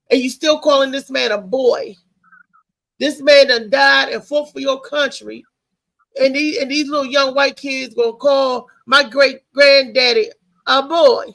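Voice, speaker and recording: A woman hosting a live talk show, who talks loudly and excitably and tells family stories. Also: high voice, moderate pace, vocal fry. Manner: animated, loud and excitable, telling family stories. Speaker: host. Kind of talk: casual live-show monologue.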